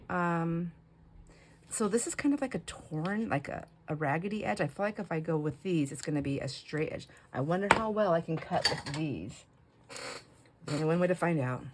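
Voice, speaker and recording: Casting: middle-aged woman craft host, low-pitched, rambling storyteller who laughs a lot, faint hiss behind her. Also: normal speed. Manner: chatty storyteller, laughs often, breaks off mid-sentence. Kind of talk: casual chat while crafting.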